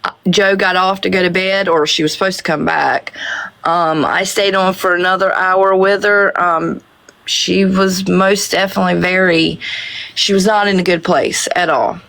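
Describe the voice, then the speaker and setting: A woman on a livestream slowly telling a story, with many hesitant pauses. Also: fairly low pitch, fairly even intonation, creaky, fairly bright tone. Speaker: livestream guest. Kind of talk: casual livestream chat.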